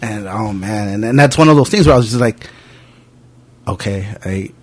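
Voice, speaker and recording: A young man hosting a podcast, telling animated anecdotes in casual chat with frequent profanity. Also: lowish voice, moderate pace. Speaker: podcast host.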